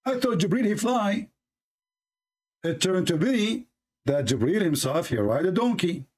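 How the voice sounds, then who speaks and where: A man hosting a religious debate show, speaking in a sarcastic, mocking way and reading texts aloud slowly. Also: lively intonation, a little mellow. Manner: sarcastic, reads texts aloud slowly, mimics opponents in a high voice.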